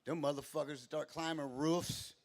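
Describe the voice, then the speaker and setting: Gravelly, profane man at an open mic. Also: fairly high pitch, fairly even intonation, moderate pace. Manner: rambling, profane, self-interrupting. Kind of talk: stand-up comedy. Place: small club stage.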